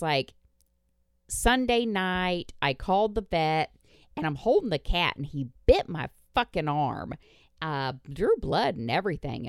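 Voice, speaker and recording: A woman podcast host tells a story in casual chat, blunt and quick to swear. Her voice sits low but swings widely in pitch. The sound is dry and close, with no room behind it. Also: no room sound. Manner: blunt, swears freely, laughs through the story.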